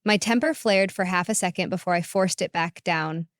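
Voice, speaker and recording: Low, smooth female storyteller. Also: normal speed, no echo, clean studio sound. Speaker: narrator. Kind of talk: first-person story narration.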